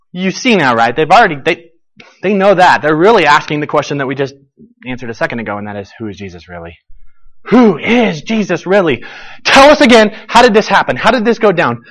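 A man preaching a sermon, animated and questioning his listeners, voicing the people in the story as he goes. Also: on the high side, low-quality recording. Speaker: pastor.

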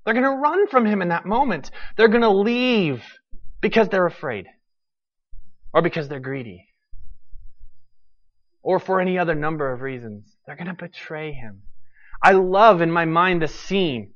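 A male pastor preaching a sermon in an animated storytelling manner, acting out quotes. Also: high voice, normal speed, pauses often, dull audio.

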